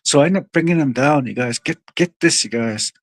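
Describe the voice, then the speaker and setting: A man's voice: medium pitch, lively intonation, a little fast. A man telling a long story to his viewers in a rambling, profane way, often calling out to them as "you guys.". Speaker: livestream host.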